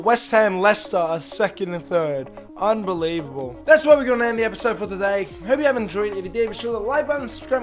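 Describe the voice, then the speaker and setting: A man commentating a football video game with constant swearing, frustrated outbursts and fast play-by-play. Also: high-pitched. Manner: foul-mouthed, frustrated outbursts and quick play-by-play. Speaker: gaming YouTuber.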